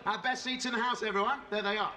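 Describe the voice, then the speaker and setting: A man's voice: high-pitched, fairly even intonation, fast talker, noisy background. A man hosting a live fan panel, joking and bantering with the audience.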